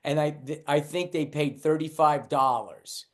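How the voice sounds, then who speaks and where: A man's voice: on the high side, measured pace. Older man telling comedy anecdotes. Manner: lively anecdotes with stumbling restarts and acted quotes. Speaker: guest comedian. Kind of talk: storytelling in a casual chat.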